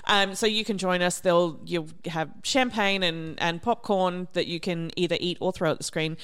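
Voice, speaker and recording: A woman's voice: on the low side, fairly even intonation, moderate pace, fairly bright tone, clean tone. A woman hosting a podcast, chatty and giggly, steering the talk between segments. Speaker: podcast host. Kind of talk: casual chat.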